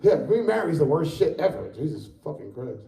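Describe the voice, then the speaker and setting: A man's voice: on the high side, big pitch swings, brisk, dark tone, reverberant, distant mic. A fifty-year-old man doing a rambling, profane stand-up set in a comedy club. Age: 50s.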